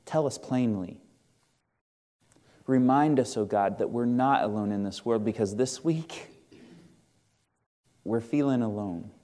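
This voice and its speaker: A man's voice: medium pitch, a little slow, pauses often, dark tone. A male pastor preaching a sermon in a church, earnest and conversational, asking the congregation questions. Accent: Midwestern American. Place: church sanctuary.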